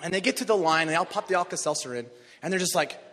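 A man preaching a sermon, telling a story with animated energy and rising to shouts on key phrases. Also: high voice, very fast. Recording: long reverb of a large hall.

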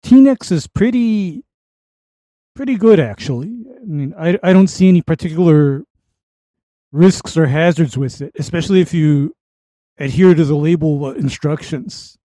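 A man's voice: fairly high pitch, normal speed, mellow, no echo. A man co-hosting a live lawn-care call-in show, giving laid-back advice step by step. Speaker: co-host answering lawn care calls. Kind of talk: casual call-in show talk.

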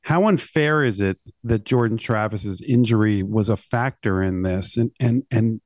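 A man's voice: fairly low pitch, a little slow, darkish tone, dry recording, studio quality. A man co-hosting a sports radio show, skeptical and questioning as he makes his points.

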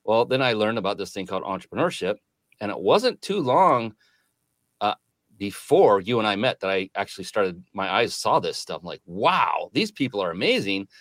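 A man's voice: lowish voice, lively intonation, normal speed, a bit bright, no echo. A middle-aged man answering as a podcast guest, reflective and earnest with some hesitations. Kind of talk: casual interview conversation.

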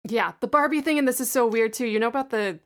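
A woman's voice: fairly high pitch, fast talker. A woman co-hosting a podcast, chatting casually and laughing often as she talks about music. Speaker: podcast co-host. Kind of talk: casual chat.

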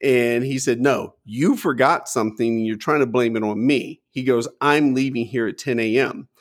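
A middle-aged man telling a story in casual chat, acting out the people he quotes with big jumps in pitch. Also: normal speed. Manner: animated, acts out quotes with lively pitch jumps. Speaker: guest storyteller.

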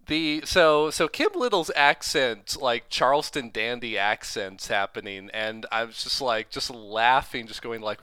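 A man co-hosting a movie podcast who talks in a casual, animated way, laughing and tripping over his words. His voice is bright and clear, with a lively rise and fall. The sound is dry and close to the mic. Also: medium pitch, normal speed, few pauses, dry recording. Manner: animated, laughing, stammers when excited. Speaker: podcast co-host. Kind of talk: casual movie-review chat.

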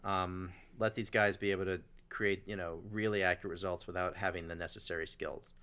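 A man's voice: deep voice, steady tone, brisk, sharp tone, clean tone. A man telling a long story in casual chat, rambling along with fillers and restarts.

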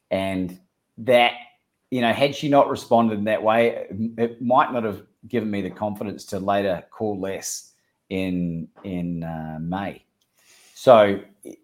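An Australian man chatting as a guest, an animated storyteller who acts out quoted dialogue. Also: on the low side, reverberant. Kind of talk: casual chat.

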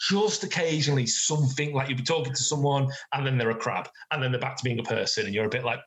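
A man's voice: medium pitch, fast talker, poor audio. Man running a tabletop game. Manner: lively descriptive narration with fillers. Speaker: game master.

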